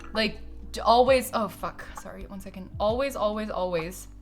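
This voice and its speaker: A woman's voice: mid-range voice, normal speed, faint music behind. A young woman live-streaming from her desk at home, chatting casually with her viewers. She swears a lot and laughs often.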